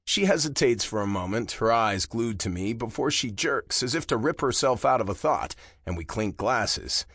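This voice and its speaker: A man narrating a romance audiobook in the first person, with a slow, low and intimate delivery. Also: lively intonation, fairly bright tone, no echo, studio quality.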